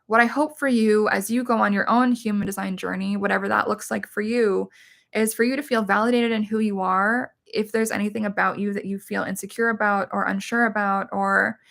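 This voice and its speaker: Woman, middle-aged, livestream host, casual chat, candid and emphatic, gravelly creak. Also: medium pitch, fairly even intonation, a little fast, a bit bright. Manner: candid, emphatic, swears freely. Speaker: livestream host, witch and medium.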